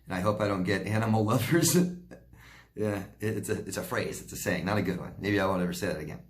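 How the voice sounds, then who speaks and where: A man's voice: on the low side, quick pace. Direct, reassuring man coaching viewers. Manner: direct, reassuring, repeats "okay?" often. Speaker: recovery coach answering viewer questions. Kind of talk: casual Q&A advice talk.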